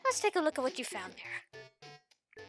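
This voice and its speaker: A woman's voice: high voice, huge pitch swings, unhurried, a bit bright, faint music behind, heavily acted. A woman doing a folksy old professor. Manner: folksy, lecturing, calls the listener sonny and feller. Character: eccentric, chatty old male professor.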